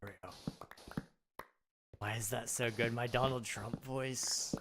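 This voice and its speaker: A hoarse man losing his voice, rambling and self-mocking while chatting casually on a livestream. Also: medium pitch, steady tone, a little slow, background noise. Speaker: game streamer. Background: music.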